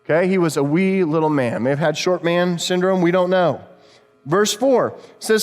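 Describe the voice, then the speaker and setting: A man's voice: high-pitched, normal speed. A middle-aged man preaching a sermon as pastor, in a conversational storytelling way, sometimes speaking to the children. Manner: conversational, storytelling, addresses kids. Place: church sanctuary. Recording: long reverb of a church hall.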